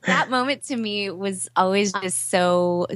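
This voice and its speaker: A woman on a podcast, telling a story in a lively way and laughing between remarks. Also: medium pitch, a little slow, no room sound. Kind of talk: casual podcast chat.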